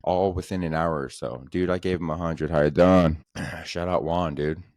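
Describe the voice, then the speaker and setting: A man's voice: low voice, steady tone, normal speed, a little mellow, dry recording, clean studio sound. A man hosting a podcast, telling comedic stories in a casual, profane, slangy way that keeps coming back to "dude". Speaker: podcast host.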